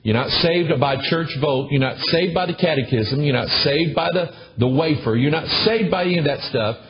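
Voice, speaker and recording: A man's voice: on the high side, moderate pace, muffled recording, background noise. A pastor in his sixties preaching a folksy, conversational sermon with storytelling asides. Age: 60s.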